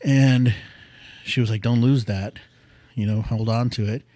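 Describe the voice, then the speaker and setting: A man in his thirties tells a personal story on his podcast, earnest and rambling, his voice often falling soft. His voice sits at an ordinary middle pitch. The close mic sounds dry, with no room around it. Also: fairly even intonation, a little slow, no room sound. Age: 30s. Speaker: podcast host. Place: small studio room.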